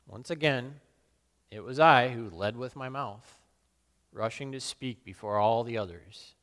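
A man playing the apostle Peter, a burly fisherman full of guilt, in a solemn, halting dramatic monologue. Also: mid-range voice, fairly bright tone, close to an everyday voice. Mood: remorseful. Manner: solemn, halting and self-questioning. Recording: long reverb in a large hall.

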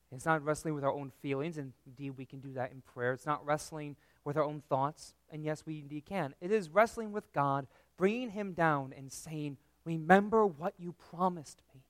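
A man preaching a sermon in an earnest, measured way, with dramatic pauses. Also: medium pitch, no room sound.

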